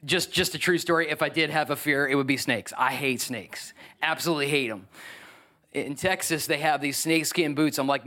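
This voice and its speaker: A man preaching a lively sermon as pastor, acting out the voices of biblical figures. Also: fairly high pitch, a little fast.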